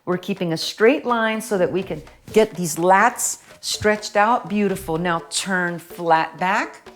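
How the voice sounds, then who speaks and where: A woman's voice: fairly low pitch, takes it slowly. A middle-aged woman leading a children's stretching lesson. She talks in an encouraging, playful way and praises often. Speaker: children's music and movement teacher. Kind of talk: guided stretching instruction for kids.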